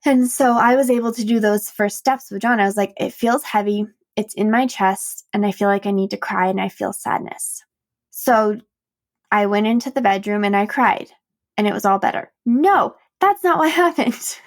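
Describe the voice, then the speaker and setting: A woman's voice: medium pitch, moderate pace. A woman podcast host and coach telling a personal story in a candid, self-mocking way, laughing often and acting out quoted dialogue. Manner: animated retelling with quoted dialogue.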